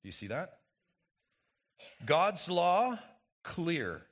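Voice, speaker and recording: Emphatic, lively male preacher. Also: a little high, a little slow. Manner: emphatic preaching with rhetorical questions to the congregation. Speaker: pastor. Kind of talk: sermon.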